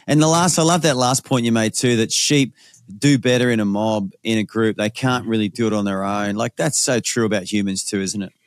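Co-host, dry close sound. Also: male voice, on the low side, a little fast, no echo. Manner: reflective, asks leading questions. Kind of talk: casual conversation.

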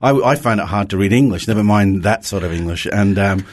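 A man's voice: on the low side, a little fast. A Scottish-accented man in his sixties, a pastor and songwriter, telling stories cheerfully in an interview with chuckles and restarts. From Scotland. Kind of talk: casual interview chat.

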